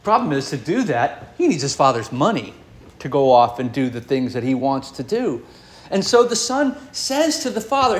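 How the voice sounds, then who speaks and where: A man preaching a sermon, delivering it expressively, his voice swinging up and down with dramatic pauses. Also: medium pitch, sing-song. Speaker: pastor.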